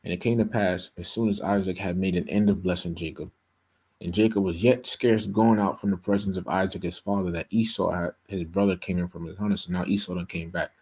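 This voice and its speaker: Husky man teaching scripture casually. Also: low voice, steady tone, a little fast, darkish tone, poor audio. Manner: casual, repeats "okay?" and "you know". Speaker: bible teacher. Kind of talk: bible study teaching.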